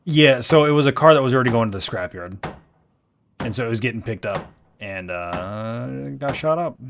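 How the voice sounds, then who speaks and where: A man's voice: mid-range voice, lively intonation, moderate pace, noisy background. A man streaming a game live, telling rambling stories with lots of swearing and frequent laughter. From United States. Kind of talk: casual live-stream storytelling.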